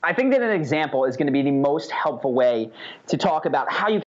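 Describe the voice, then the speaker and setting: A man teaching a casual lesson in an animated, conversational way, often checking in with "right?". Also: fairly high pitch, a little fast. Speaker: instructor. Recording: dull lo-fi recording.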